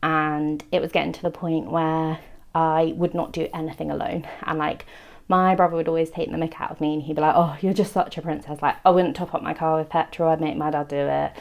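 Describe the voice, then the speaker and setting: Young woman, gravelly voice, chatty, bit low, laughs a lot. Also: level tone, brisk. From England, outside London. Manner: chatty, laughs often, quotes herself. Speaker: interviewee. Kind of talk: casual testimony chat.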